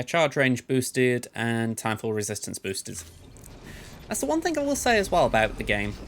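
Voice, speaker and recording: A man talks through his gameplay in a relaxed, rambling way, thinking out loud and joking at his own expense. His voice sits in an ordinary middle pitch. A faint hum of noise runs under the recording. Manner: chatty, thinks aloud; playful, self-described goofball. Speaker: let's play host. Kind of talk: gameplay commentary.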